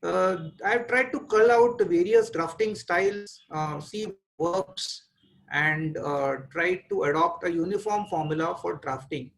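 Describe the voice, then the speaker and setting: A man in his forties with an Indian English accent, giving a webinar lecture as a trial lawyer, measured and pausing often with "uh" as he thinks aloud over a video call mic. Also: high-pitched, gravelly, a bit bright, poor audio.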